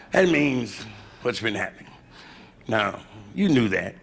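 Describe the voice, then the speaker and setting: Gravelly bawdy stand-up comic. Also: male voice, very animated, normal speed. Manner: gravelly, bawdy, swings into loud high put-on voices. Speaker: stand-up comedian. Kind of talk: live stand-up routine. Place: live club stage with audience. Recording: noisy live club recording.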